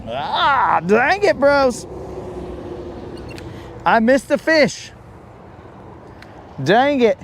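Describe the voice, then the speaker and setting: Slow-talking high-voiced fishing streamer. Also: male voice, very animated, fairly bright tone, a little hiss or hum. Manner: rambling, jokey, talks to chat as bros. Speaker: fishing livestream host. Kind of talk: casual live-stream chat while fishing. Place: outdoors by a riprap shoreline near a road.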